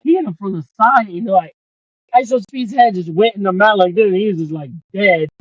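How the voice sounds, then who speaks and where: Male podcast host, raised voice, swears a lot, excitable recap, dull dry home recording. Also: sits high, brisk, no echo. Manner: excitable, profane storytelling. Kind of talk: casual chat.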